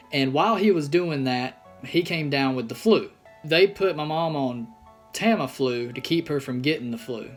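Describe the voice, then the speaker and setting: A young man in a personal vlog, telling a painful family story in an earnest, halting way with many pauses. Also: medium pitch. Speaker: vlogger.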